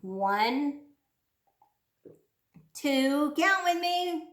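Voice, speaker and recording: A woman leads a children's speech lesson in a high, bouncy voice that swoops all over the place. She talks slowly and plays it up for young listeners. The room around her sounds roomy and echoey. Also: lively intonation, fairly bright tone. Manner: sing-song, exaggerated and playful, speaking slowly to children.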